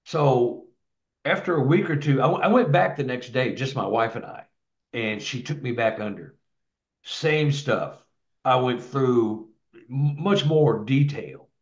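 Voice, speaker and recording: A man's voice: mid-range voice, measured pace. A man telling a long personal story in a rambling, casual way, with many restarts and repeated words. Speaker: guest telling his experiences. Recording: echoey, dull lo-fi sound.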